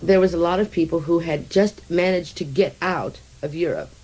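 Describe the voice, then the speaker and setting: American woman on a radio chat, warm mellow tone, witty storyteller. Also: on the low side, moderate pace, a little hiss or hum, low-quality recording. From United States. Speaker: interview guest. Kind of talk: casual radio interview chat.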